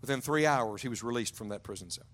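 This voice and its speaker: A man preaching a sermon to young adults, telling stories and often dropping to a hushed, low voice for emphasis. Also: expressive, fast talker. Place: large church auditorium.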